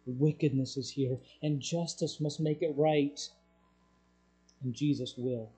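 A preacher delivering a sermon, swinging between loud urgent passages and hushed, low ones. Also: steady tone, takes it slowly, poor audio.

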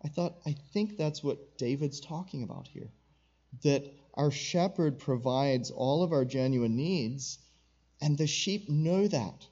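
A middle-aged male pastor delivering a sermon in a mellow, dark-toned voice. He speaks earnestly, draws out the words he wants to stress and puts questions to his listeners. The recording sounds a little dull. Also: fairly high pitch, slightly rough. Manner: earnest, slows down to stress key phrases, asks the audience questions.

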